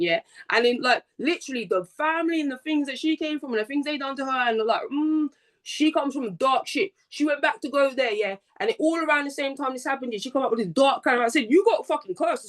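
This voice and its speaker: Fast, high-voiced woman ranting. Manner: heated, profane, rambling with many fillers. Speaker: guest. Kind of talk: casual podcast chat.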